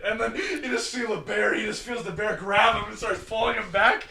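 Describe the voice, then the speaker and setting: A man casually retelling a wild story on a podcast, crude and animated, acting out the people he quotes. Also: sits high, moderate pace, creaky, hardly any pauses. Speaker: podcast host.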